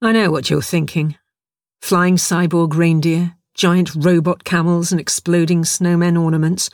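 A man reading a story aloud and voicing a deathly cold young woman who speaks in a flat, eerily calm way. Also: fairly high pitch, unhurried, dry recording, studio quality. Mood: eerie.

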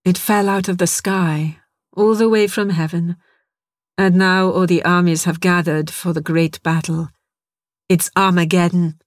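A man voicing an eerily calm, deathly cold woman. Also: sits high, unhurried, dry recording, studio quality. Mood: eerie.

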